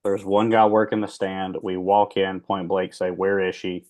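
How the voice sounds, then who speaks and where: A man playing a tabletop game, speaking directly with some halting restarts. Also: low-pitched, level tone, darkish tone. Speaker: tabletop player. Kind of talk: casual tabletop chat.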